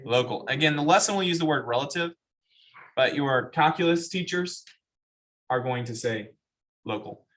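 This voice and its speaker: A man's voice: a little high, animated, normal speed, pauses often, fairly bright tone. A man teaching a math class, explaining step by step and asking the students questions. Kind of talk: classroom lecture.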